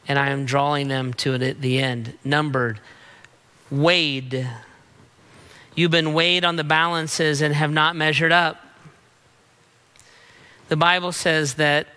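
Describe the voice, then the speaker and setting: A middle-aged man, a pastor, preaching an emphatic sermon with rapid-fire repeated refrains. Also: fairly high pitch, pushed and bright.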